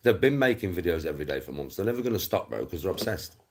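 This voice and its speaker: A man's voice: deep voice, sing-song, fast, slight background noise. A middle-aged man with a Black Country accent ranting on a livestream, sweary, scornful and repetitive. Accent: Black Country English. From England. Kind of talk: angry livestream rant.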